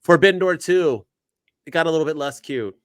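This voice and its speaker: A man co-hosting a wrestling podcast, talking in animated, ranting bursts. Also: fairly high pitch, fairly quick, clean tone, no echo, clean studio sound. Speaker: podcast co-host. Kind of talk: casual podcast chat.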